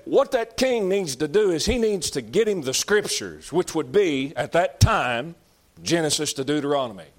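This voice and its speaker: A man preaching a sermon, swinging between loud, drawn-out exhortations and low, conversational asides. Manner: rising to shouted exhortation, then dropping low and conversational.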